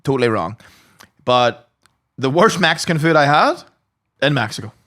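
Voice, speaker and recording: A man's voice: medium pitch, big pitch swings, moderate pace, a bit bright. A man with an Irish accent co-hosting a podcast, bantering in casual comedic chat and swearing freely. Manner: jokey banter, swears freely, slips into mock voices. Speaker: podcast co-host.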